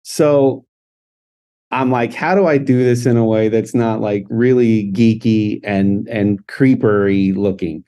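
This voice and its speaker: A man's voice: on the low side, steady tone, slow pace, dark tone. A man co-hosting a podcast, telling an anecdote in casual chat, laughing often and acting out the dialogue. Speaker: podcast co-host.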